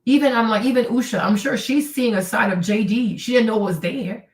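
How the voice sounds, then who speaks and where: A woman's voice: a little high, brisk, roomy sound, recorded from a distance. A woman hosting her own stream, ranting in casual commentary, sarcastic and profane, often mimicking people she talks about. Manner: heated, sarcastic, profane, mimics others in quotes. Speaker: streamer host.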